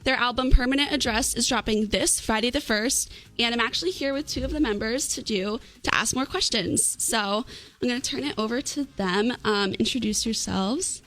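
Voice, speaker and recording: A woman's voice: on the high side, moderate pace, a bit bright. A young woman hosting a casual interview, upbeat and gushing over her guests' answers. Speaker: student interviewer, host.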